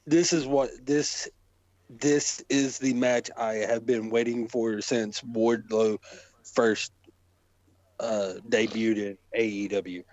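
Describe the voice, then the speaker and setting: A man co-hosting a podcast, excited and emphatic in casual chat. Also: mid-range voice, slow pace, dry recording. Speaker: podcast co-host. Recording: dull lo-fi dry sound.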